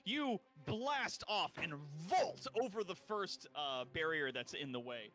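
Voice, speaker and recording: A man narrating a tabletop game as game master, his pitch a bit high and very lively as he spins the scene. His talk is loose and chatty, and soft music sits underneath. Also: a little slow.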